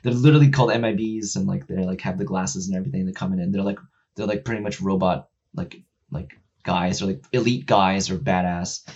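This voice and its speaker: Speaking fairly quickly, a low-voiced, husky man rambles and curses with lots of filler words in casual conversation. He performs the characters' dialogue while retelling a story, growing loud and excited as he makes his points. The recording is dull and lo-fi.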